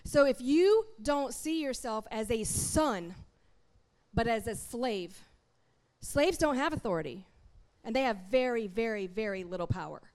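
A woman preaching a sermon in a church, talking straight to the congregation in an animated, conversational way. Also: fairly high pitch, measured pace.

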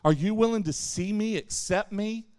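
A man preaching a sermon to young people at a camp, lively, acting out the voices he quotes and answering his own questions. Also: high voice, normal speed, clean tone. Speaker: camp speaker.

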